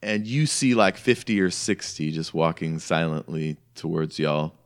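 A man's voice: extremely low pitch, animated, measured pace. A man narrating a tabletop game as game master, talking in a casual, rambling way full of "like". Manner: casual, rambling, heavy use of "like".

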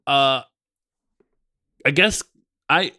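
A man co-hosting a podcast, asking questions in a lively, casual way. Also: mid-range voice, dry recording, clean studio sound. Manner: lively questioning, quick bursts. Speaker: podcast co-host. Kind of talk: casual chat.

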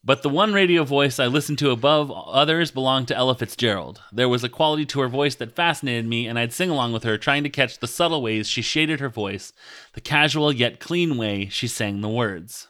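A man's voice: medium pitch, fairly quick, sharp tone, smooth. A man hosting a casual podcast, reading a biography aloud with joking asides. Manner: joking, chatty, playful asides.

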